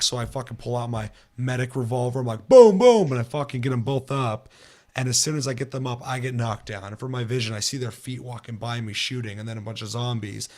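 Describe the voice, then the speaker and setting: Gravelly dude on a gaming podcast, swears a ton, acts out stories loud. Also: male voice, medium pitch. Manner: profane, animated storytelling with shouted put-on quotes. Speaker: podcast co-host. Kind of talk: casual gaming chat.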